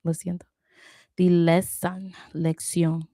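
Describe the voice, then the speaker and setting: Slow, gravelly-voiced woman practicing aloud. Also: fairly low pitch, flat delivery, warm tone, no echo, clean studio sound. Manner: chatty, self-correcting, repeats words aloud. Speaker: language learner hosting a live stream. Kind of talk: casual live study session.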